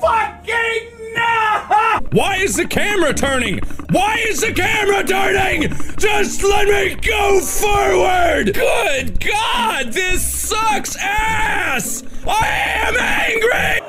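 A man's voice: extremely high pitch, animated, slow, raised voice, loud music behind the voice. A man giving let's play commentary, screaming, swearing and groaning at the game in frustration. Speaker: video game player.

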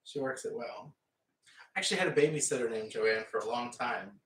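A man's voice: mid-range voice, fairly quick, a bit bright. A man chatting casually and rambling as he paints, with frequent laughs. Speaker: painting vlogger. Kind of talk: casual chat while painting. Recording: echoey room, mic far off.

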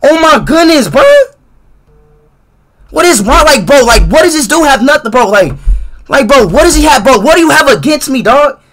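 A young man streaming a game, talking in an excitable, exasperated, profane way that keeps breaking into shouts. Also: very high-pitched, moderate pace. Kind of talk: live game-stream commentary.

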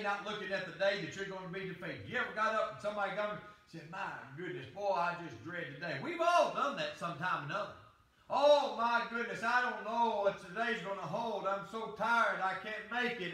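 A man's voice: sits high, pushed and bright, heavy reverb, recorded from a distance, low-quality recording. A man preaching a fervent sermon as pastor, often calling out "dear friend".

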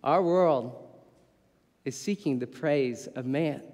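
A man in his thirties preaching a sermon as pastor, telling stories in a lively way and poking fun at himself. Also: mid-range voice, takes it slowly. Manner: animated storytelling with playful self-mockery. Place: church sanctuary. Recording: long reverb of a church hall.

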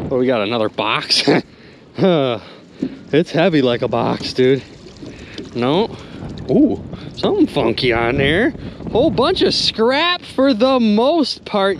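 Man, excitable outdoor vlogger, lively swooping pitch, casual, small river boat, faint outdoor noise. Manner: excitable, loud exclamations, addresses viewers as you guys and dude. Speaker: magnet fishing vlogger. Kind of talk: excited outdoor vlog commentary.

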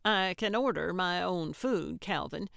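A woman's voice: lowish voice, unhurried, gravelly, fairly bright tone, no echo, clean studio sound, full character voice. A woman voicing a cantankerous, blunt old woman from New England who snaps and grumbles in a storybook reading. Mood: indignant.

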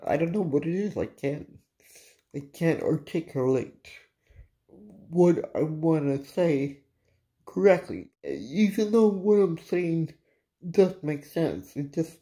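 A frustrated, irritated vlogger unloads to viewers in a slow, unhurried drawl. The voice is mellow and warm in tone. The delivery is halting, with false starts and muttered swearing. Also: mid-range voice, animated. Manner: halting, restarts sentences, swears under breath. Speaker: cannabis vlogger, host of own channel. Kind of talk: casual late-night venting to viewers.

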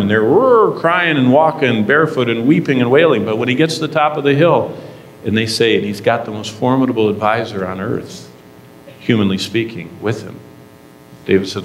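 A man teaching a Bible lesson in sermon style, earnest and emphatic, with dramatic pauses. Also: mid-range voice. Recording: echoey room with long reverb.

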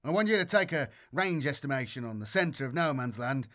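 A man's voice: medium pitch, animated, brisk, fairly bright tone, natural voice. Guy doing a tired dry sergeant, short clipped orders. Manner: terse, dry, commanding. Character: weary, steady male sergeant in command.

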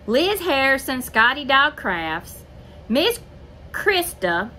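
An older woman chats casually with her craft-video viewers. She rambles from one thing to the next in a bright, slightly high voice. A faint hiss sits under the recording. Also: low-quality recording. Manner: rambling, chatty, addresses viewers as y'all. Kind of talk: casual chat.

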